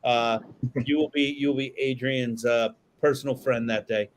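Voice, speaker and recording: A man's voice: mid-range voice, fairly even intonation, moderate pace. A man hosting a podcast in casual chat, rambling and swearing freely, with lots of fillers and restarts. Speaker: podcast host.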